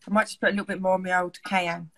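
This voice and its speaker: A woman's voice: lowish voice, little pitch movement, racing, a bit bright. A woman vlogger chatting and joking casually while doing makeup, giggly and teary-eyed from laughing.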